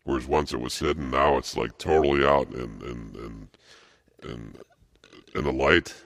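A man with a very deep, gravelly voice preaches at a slow, dragging pace. He circles back on his own phrases, repeating them and stumbling through fillers and restarts as he rambles through his sermon. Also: steady tone, fairly bright tone. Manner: repetitive, halting, with many fillers and restarts.

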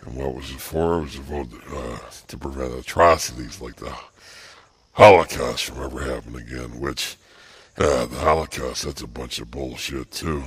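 A man's voice: rumbling low, husky, no echo. An older man delivering an angry, agitated monologue, repeating himself and stumbling over fillers. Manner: agitated, repetitive, halting with many fillers.

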